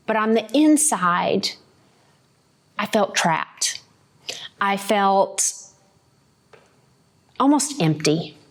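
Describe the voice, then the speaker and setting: This is a female podcast host with a lowish voice giving a frank, introspective faith testimony. She keeps checking in with her audience through a quick "right?".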